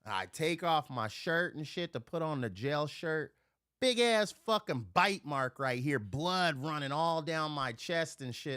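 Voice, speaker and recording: A middle-aged man hosting a livestream, telling a rough, profane story in casual chat and acting out the voices of the people in it. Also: fairly high pitch, lively intonation, measured pace, bright, forceful tone, dry recording, studio quality. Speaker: livestream host.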